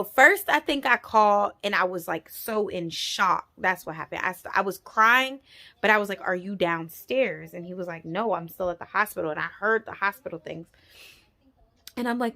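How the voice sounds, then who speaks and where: Animated woman telling a story. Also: medium pitch, moderate pace. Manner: animated, emphatic storytelling with profanity. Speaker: vlogger. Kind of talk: storytime vlog.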